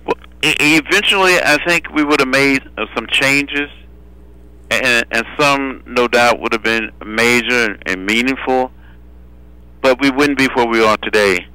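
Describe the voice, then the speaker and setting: A man, a guest on a phone interview, speaking in a measured way and repeating phrases for rhythm. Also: medium pitch, bright, forceful tone, clear, resonant tone, no room sound, rough recording. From Alabama. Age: 70s. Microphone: telephone.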